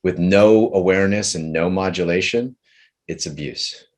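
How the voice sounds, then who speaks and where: A man leading a group session on relationships, talking earnestly and slowly, often restarting his sentences. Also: sits low. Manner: earnest, slow and searching, many restarts. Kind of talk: coaching talk with a participant.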